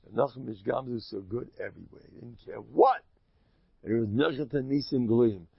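A man giving a lively Torah talk, telling stories and mixing Yiddish and Hebrew words into his speech, rising to loud, excited peaks. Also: mid-range voice, creaky, husky, dry recording. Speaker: Torah teacher. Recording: dull close dry recording.

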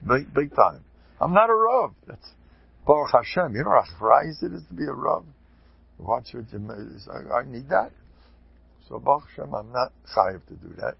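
Guy giving a loose torah talk, gravelly and kinda raspy, jumps around a lot, muffled lo-fi sound. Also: mid-range voice, normal speed, no echo. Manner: animated, digressive, chuckling asides. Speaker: religious lecturer. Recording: dull lo-fi recording.

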